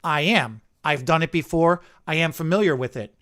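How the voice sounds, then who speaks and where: A man who owns a hair salon, telling a lively story in casual chat and acting out the people in it. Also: a little high, normal speed. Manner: animated anecdote telling, acting out quotes. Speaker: salon owner and stylist.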